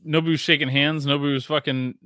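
A man in his thirties hosting a casual sports podcast, telling stories excitedly and swearing freely. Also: a little high, fast, clear, resonant tone, no echo, clean studio sound. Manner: excitable, profane storytelling. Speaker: podcast host.

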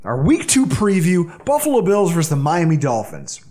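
A man hosting a sports podcast, running through the game preview with animated, dramatic delivery. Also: on the high side, moderate pace. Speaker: podcast host. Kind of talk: excited sports podcast banter.

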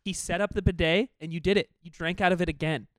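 A man's voice: high voice, steady tone, fast talker, no echo. A man co-hosting a podcast, eagerly chiming in during casual chat. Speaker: podcast co-host.

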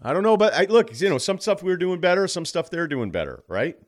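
A man's voice: high-pitched, sing-song, brisk. A man talking as a podcast guest in casual sports chat, rambling and wry, with a teasing edge.

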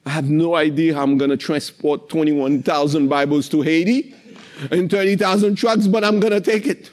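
Man, high voice, emotional faith testimony, earnest storytelling, recorded in a warehouse. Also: steady tone, moderate pace, darkish tone. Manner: emotional, earnest, repeats himself while retelling. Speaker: Christian literature publisher sharing a testimony. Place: in his warehouse.

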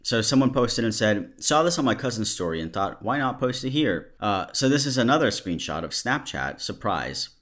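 A man hosting a commentary video, reading out screenshots and reacting with animated mockery. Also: mid-range voice, moderate pace, few pauses. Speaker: host.

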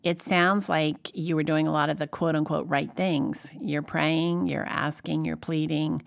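Low gravelly woman in reflective faith talk. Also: flat delivery, a little slow, dry recording, clean studio sound. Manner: reflective, gentle, scripture-minded. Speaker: co-host. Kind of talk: faith-based conversation.

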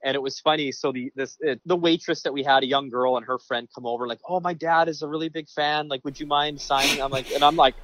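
A man, a sports broadcaster, telling lively anecdotes in a casual interview with many restarts. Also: a little high, fast talker, hardly any pauses. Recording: dry, dull lo-fi sound.

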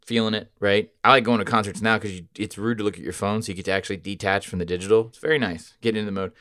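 A man hosting a podcast, telling a rambling, profane story with sudden loud outbursts. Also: fairly low pitch, steady tone, rapid-fire, smooth, no echo. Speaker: podcast host. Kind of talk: casual storytelling chat.

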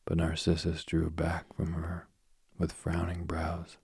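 A man reads a myth as a sleep story, slowly and soothingly, sinking now and then into a whisper. His voice is extremely low and gravelly, with a breathy, husky texture. The sound is close and dry. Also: monotone, darkish tone, dry recording. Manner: slow, soothing, drifting into whispers. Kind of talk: bedtime story reading.

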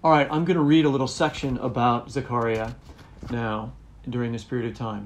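A man's voice: mid-range voice, steady tone, a little fast. A man who is an author and former detainee, reading his memoir aloud in an earnest, emotional way. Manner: earnest, emotional reading voiced with rising outbursts.

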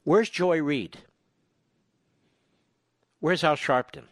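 A male talk radio host delivering a combative, sarcastic political monologue full of rapid-fire rhetorical questions. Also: a little high, no echo, clean studio sound.

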